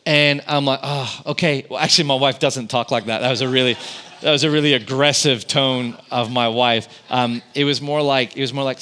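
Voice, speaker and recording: A man's voice: medium pitch, fairly even intonation, brisk, sharp tone, slight background noise. A man in his thirties, a pastor, preaching a sermon in a conversational storytelling way, building intensity on key points. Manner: conversational storytelling with impressions of family.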